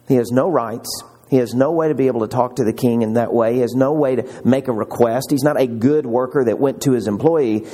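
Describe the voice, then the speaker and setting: Husky-voiced male pastor preaching animatedly. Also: mid-range voice. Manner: animated, acts out quoted voices, laughs often. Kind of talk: sermon.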